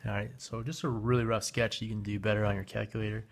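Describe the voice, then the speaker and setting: In a recorded math lesson, a man with a fairly low, gravelly voice talks fast as he operates a graphing calculator. His manner is relaxed, full of fillers and self-corrections.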